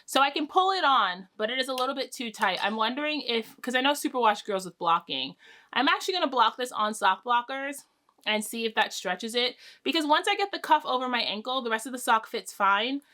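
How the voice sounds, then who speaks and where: A woman's voice: on the high side, expressive, a little fast, bright, forceful tone. A young woman hosting a knitting podcast, chatting casually to camera with lots of fillers and restarts.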